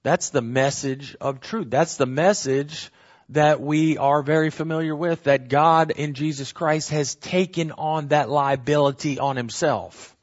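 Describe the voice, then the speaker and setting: A man's voice: fairly high pitch, fairly even intonation, unhurried, highs cut off. A man teaching a verse-by-verse Bible study, earnest and emphatic, repeating key phrases and correcting himself as he explains.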